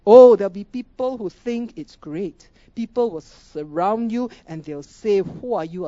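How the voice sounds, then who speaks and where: A woman's voice: mid-range voice, expressive, a little slow, mellow, highs cut off. A woman preaching a sermon, emphatic, asking rhetorical questions and repeating key phrases.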